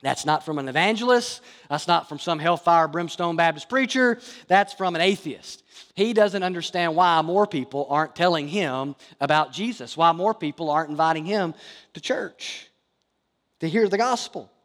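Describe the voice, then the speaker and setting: A man's voice: a little high, expressive, moderate pace, a bit bright, long reverb tail. A man preaching a sermon as pastor, earnest and emphatic, often asking rhetorical questions.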